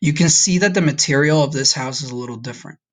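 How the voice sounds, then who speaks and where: A man's voice: on the high side, fast. A man teaching a recorded Spanish lesson to his class, friendly and checking in often with "okay?". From United States.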